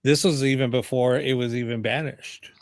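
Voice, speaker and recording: A man's voice: mid-range voice, steady tone, moderate pace, no echo, clean studio sound. A male host in casual chat, laid-back, laughing a little as he tells a story. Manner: laid-back, laughs while telling stories.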